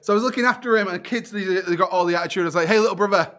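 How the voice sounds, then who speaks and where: A man's voice: sits high, racing, sharp tone. A man, doing a self-deprecating stand-up comedy set with punchy delivery. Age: 30s.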